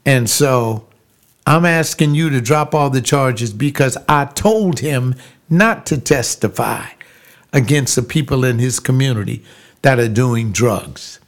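This older pastor's voice is medium-pitched and expressive as he shares a personal story at a slow pace. Repeating phrases for emphasis, he works his way up into preaching.

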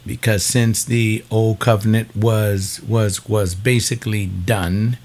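Low-voiced man preaching a Bible lesson. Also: darkish tone. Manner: conversational preaching with repetitions. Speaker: pastor. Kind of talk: call-in Bible teaching.

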